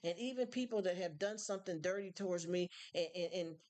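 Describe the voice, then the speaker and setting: A woman's voice: fairly low pitch, a little fast, darkish tone. Woman streamer chatting, rambling and heartfelt. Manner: rambling, repeats words when worked up. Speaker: live stream host. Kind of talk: casual chat.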